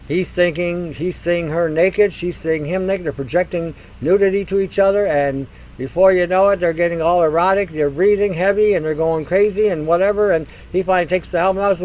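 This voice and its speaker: A man's voice: fairly high pitch, a little mellow, rough recording. Mocking, ranting older man. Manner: mocking, acts out silly voices, laughs at own jokes. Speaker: radio show host. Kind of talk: ranting monologue.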